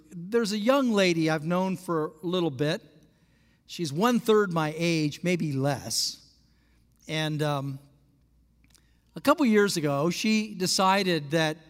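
An older man preaching a sermon as pastor, telling stories and acting out conversations. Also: a bit bright. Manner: storytelling, acts out dialogue with rising pitch. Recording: long hall reverb.

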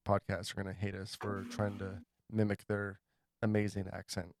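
A man's voice: on the low side, completely flat delivery, normal speed, gravelly, darkish tone, slight background noise. A man co-hosting a casual podcast over beers, joking, laughing easily, and tossing in apologetic asides. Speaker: podcast co-host.

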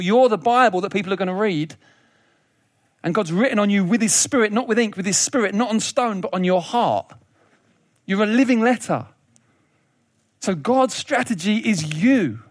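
A man delivers a sermon in a high, bright-sounding voice, joking and laughing as he goes. He often restarts and repeats his words, and the recording is close and dry, with no room sound. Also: no echo. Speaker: preacher.

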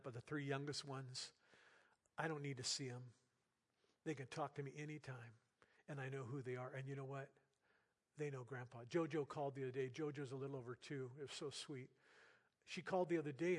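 An older man preaching a sermon as pastor in a church, talking to the congregation in an earnest, conversational way with bursts of loud emphasis. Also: mid-range voice. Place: church sanctuary. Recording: long hall reverb.

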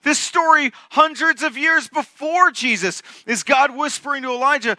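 A male pastor preaches with emphasis and moves between hushed whispers and near-shouting. His voice is very bright and sits fairly high. The recording is dry and close. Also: moderate pace, few pauses, no echo. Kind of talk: sermon.

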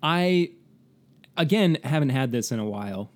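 A man's voice: medium pitch, animated, moderate pace, slight background noise. A man co-hosting a casual whiskey tasting chat, rambling, correcting himself and laughing often. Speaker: co-host of a whiskey tasting show.

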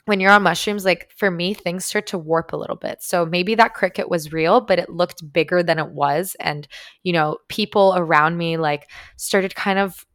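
Chatty woman with a lowish voice. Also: steady tone, normal speed, fairly bright tone, no echo, clean studio sound. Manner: chatty, heavy use of "like", frequent swearing. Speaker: vlogger. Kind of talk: casual storytelling to viewers.

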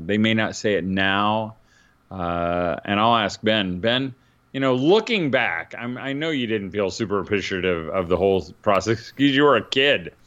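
A man's voice: medium pitch, fairly bright tone, clear, resonant tone. A tired middle-aged man co-hosting a podcast in casual chat, rambling with lots of fillers. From northern Indiana. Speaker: podcast co-host, father. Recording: dull lo-fi sound.

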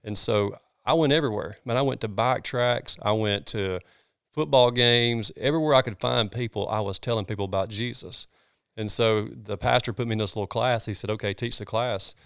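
Middle-aged Southern man, pastor guest, folksy storyteller, smooth and clear. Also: lowish voice, fairly quick, no room sound, studio quality. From North Georgia, US. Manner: earnest, animated storyteller with folksy sayings. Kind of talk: casual storytelling interview.

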